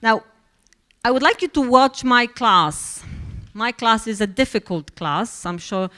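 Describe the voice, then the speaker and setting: A woman's voice: on the high side, animated, unhurried, pushed and bright. A woman leading a teacher training workshop, speaking with many fillers and restarts. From Poland. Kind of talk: workshop presentation.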